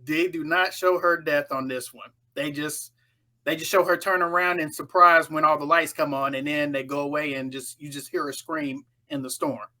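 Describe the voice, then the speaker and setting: Woman, casual film recap, animated, acts out lines, bright voice. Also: deep voice, moderate pace.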